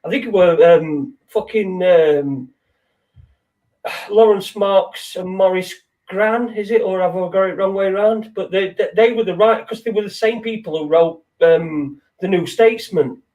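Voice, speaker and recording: Rambling man, high voice. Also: unhurried, darkish tone, poor audio. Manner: rambling, sweary, loses his words. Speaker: podcast host. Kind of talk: casual late-night chat.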